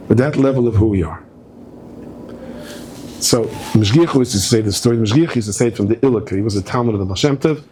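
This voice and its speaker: Animated rabbi telling stories from the pulpit. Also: male voice, brisk, pauses often, slight background noise. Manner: animated storyteller, swinging from soft asides to high excited outbursts. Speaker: rabbi giving a guest talk. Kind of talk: storytelling sermon. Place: synagogue hall.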